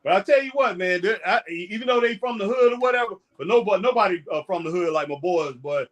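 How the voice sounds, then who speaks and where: A man talks wrestling with a buddy in easy, excitable banter. His voice sits high and swings widely, and he laughs often. He keeps peppering his lines with "boy" and "man.". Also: quick pace, muffled recording. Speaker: co-host. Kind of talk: casual chat reacting to a live wrestling show.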